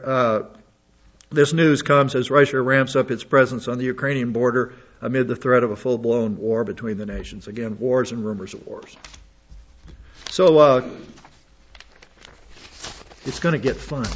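A man's voice: mid-range voice, fairly even intonation, measured pace, long pauses, breathy edge. A man reading news articles aloud and adding his own comments and asides. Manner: reads aloud with asides and restarts. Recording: dull lo-fi audio.

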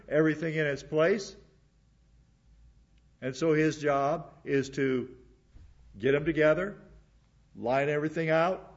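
A male pastor delivering a sermon, repeating words for emphasis and dropping into quiet asides. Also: fairly high pitch, dull audio.

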